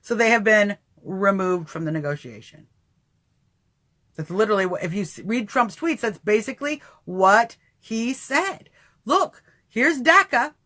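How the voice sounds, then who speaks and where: At a moderate pace and with a mid-range voice, a woman gives lively political commentary over a livestream, deriding opponents, performing impressions, and laughing at her own humor.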